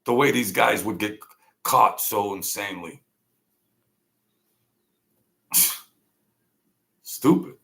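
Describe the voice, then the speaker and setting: A man's voice: fairly low pitch, slow, gravelly, sharp tone. A man talking in a blunt, rambling monologue full of street slang. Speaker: vlog host. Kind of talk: casual monologue.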